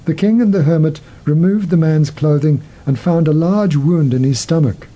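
A man hosting a show, narrating a story in a measured, gentle way. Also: on the high side, rough recording. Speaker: host.

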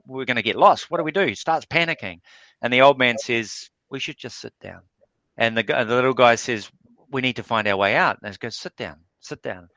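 A man's voice: mid-range voice, bright, forceful tone, clean tone, no room sound, poor audio. A man answering interview questions in a casual, hesitant way, full of fillers and restarts. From New Zealand. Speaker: guest.

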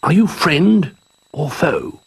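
A man's voice: on the high side, sing-song, takes it slowly, creaky, husky, no echo, pitched above the performer's own voice, full character voice, poor audio. A man reading the lines of a careful, earnest toy bear in a storybook.

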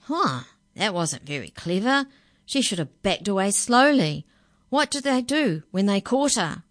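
A woman's voice: mid-range voice, very animated, measured pace, voice pushed up. A woman voicing a curious, skeptical child who keeps interrupting a story with questions.

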